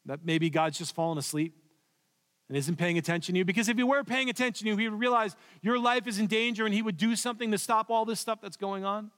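A man preaching a sermon in a church, telling the story with swings from loud to hushed. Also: sits high, steady tone, fast talker. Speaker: pastor. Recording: long reverb of a large hall.

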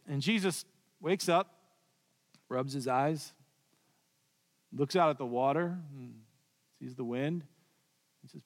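A man preaching a sermon in a church, telling the story with swings from loud to hushed. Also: high voice, animated, normal speed, pauses often. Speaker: pastor. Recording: long reverb of a large hall.

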